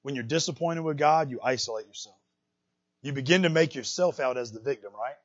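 Guy preaching, husky and a bit high, dull lo-fi sound. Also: a little fast. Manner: emphatic, swings from loud to hushed, talks straight to the congregation. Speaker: pastor. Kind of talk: sermon.

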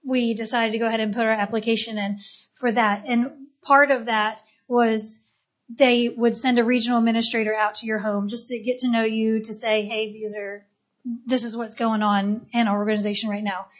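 Casting: eager, chatty woman with a higher voice, giving her testimony on a dull lo-fi recording. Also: flat delivery, normal speed. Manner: chatty, eager, full of fillers. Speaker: missionary and doula sharing her testimony. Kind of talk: personal testimony to a gathering.

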